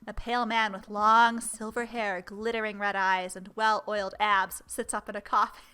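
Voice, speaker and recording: A woman's voice: medium pitch, level tone, normal speed, sharp tone, clean tone. A woman hosting a let's-play, reading a dating game aloud and adding playful, chatty asides to the characters.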